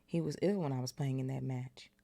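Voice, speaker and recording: Woman doing a quiet teen boy wizard, hushed and breathy, deep gravelly voice. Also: brisk, full character voice. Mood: puzzled.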